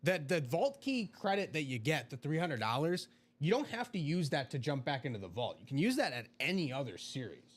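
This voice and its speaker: A man co-hosting a live sales stream, explaining the offers in a casual way with some filler pauses. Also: fairly high pitch, sing-song. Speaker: co-host.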